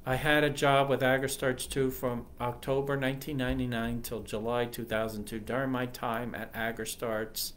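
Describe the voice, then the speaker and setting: Guy telling his faith testimony, middle pitch, kinda halting, keeps restarting his sentences, drops soft on the hard parts. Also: flat delivery, slight background noise. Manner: halting, earnest, frequent self-corrections. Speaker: ministry leader. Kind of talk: personal testimony.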